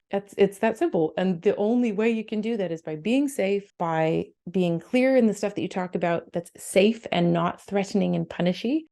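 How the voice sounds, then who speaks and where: A middle-aged woman with an Australian accent, a psychotherapist giving animated parenting advice. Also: lowish voice, creaky. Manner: animated, acts out parent and child voices.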